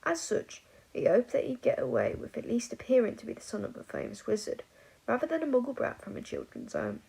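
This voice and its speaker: A woman narrating a fan fiction story aloud in an expressive audiobook style. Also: on the high side, a little fast, vocal fry, slightly rough, low-quality recording. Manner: expressive, voices each character.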